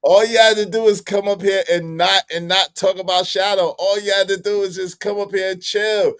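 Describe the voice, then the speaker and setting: A man's voice: high-pitched, steady tone, moderate pace, fairly bright tone, clean tone. A man hosting a casual livestream, reacting to clips, laughing and thanking viewers by name. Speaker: livestream host.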